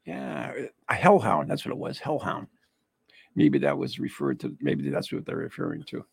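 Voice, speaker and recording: A man from the United States hosting a casual chat, reading an article aloud haltingly with asides and laughter. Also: a bass voice, wildly swooping pitch, creaky, breathy edge, dry recording. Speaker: host.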